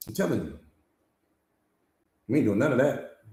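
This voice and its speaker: A man's voice: mid-range voice, sing-song, moderate pace, darkish tone. A man coaching on mindset in a live class, emphatic and repetitive, slangy, firing off rhetorical questions. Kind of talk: live-streamed motivational master class. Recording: echoey room.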